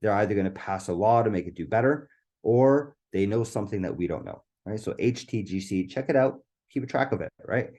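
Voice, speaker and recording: A man presenting a live webinar whose voice is getting hoarse. He talks with eager enthusiasm and keeps checking in with "right?". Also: on the low side, lively intonation, brisk, mellow. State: voice going hoarse.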